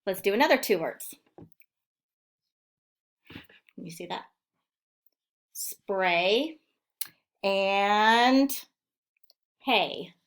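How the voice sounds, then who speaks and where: A woman teacher giving a recorded phonics lesson to young children, sounding out words slowly and clearly. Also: mid-range voice, expressive, a bit bright. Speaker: elementary school teacher.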